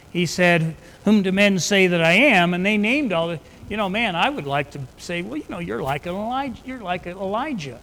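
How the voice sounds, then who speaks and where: A pastor with a high, light voice delivers an unhurried sermon from the pulpit. He talks in a conversational way, restarting his sentences, and then lifts his voice with weight when he quotes scripture. His words ring out with the long reverb of a large hall. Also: sharp tone, a little hiss or hum. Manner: conversational preaching with restarts, rising emphatically on scripture. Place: church sanctuary.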